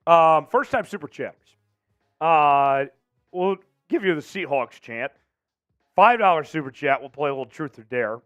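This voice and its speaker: A man hosts a live sports news stream, his slightly raised voice rising and falling in lively swings. He keeps stopping to cough and apologize as his voice gives out. The sound is dry and close, with faint music underneath. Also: on the high side, moderate pace, no room sound. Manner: animated, apologetic between coughing fits. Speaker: sports show host.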